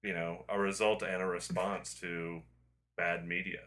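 A man's voice: low voice, flat delivery, measured pace, fairly bright tone. A man in casual chat who rambles, restarts his sentences a lot and swears now and then.

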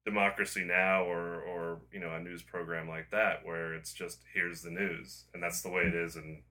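Guy with a low-ish but super bright voice, rambling and restarting, swears a bit. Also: flat delivery, moderate pace. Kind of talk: casual chat.

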